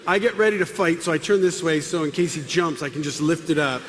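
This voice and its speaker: High-voiced male speaker, lively comic testimony with acted-out scenes, in a reverberant hall. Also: fast talker, slight background noise. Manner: animated storyteller, acting out scenes. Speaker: Catholic musician and speaker. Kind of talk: comedic personal testimony. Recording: long hall reverb with music.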